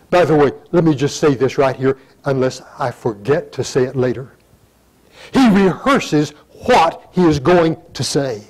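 An older man giving a sermon, reading scripture in old-fashioned wording and breaking into sudden loud emphatic rises. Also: fairly high pitch, rough recording. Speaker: pastor.

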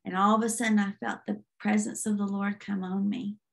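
A woman's voice: mid-range voice, flat delivery, a little fast, creaky. A woman minister giving an earnest testimony, retelling a dream vividly in a sermon. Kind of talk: sermon storytelling.

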